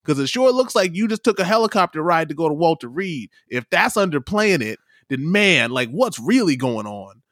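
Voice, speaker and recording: Animated ranting man on a podcast. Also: on the high side, no echo, studio quality. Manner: animated, mocking, rapid-fire ranting with stammered restarts. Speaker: podcast co-host. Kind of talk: casual political chat.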